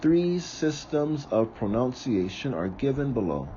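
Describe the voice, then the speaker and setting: A man reading aloud from a book, slowly and carefully, sometimes correcting himself. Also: mid-range voice, sing-song, dark tone, lo-fi sound, a little hiss or hum. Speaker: reader of a book on ritual.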